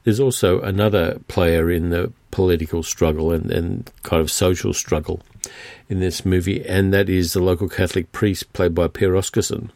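A man with a very low, gravelly voice hosts a film podcast, talking through a movie in a loose, rambling review. He pauses often with fillers and restarts his sentences. The sound is close and dry. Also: fairly even intonation, a little mellow, dry recording. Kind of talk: casual spoken film review.

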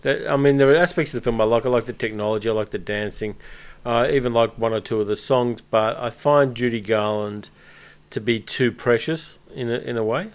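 A man's voice: medium pitch, fairly quick, smooth. A man hosting a podcast in casual film chat, blunt and opinionated, swearing freely as he argues. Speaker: podcast host.

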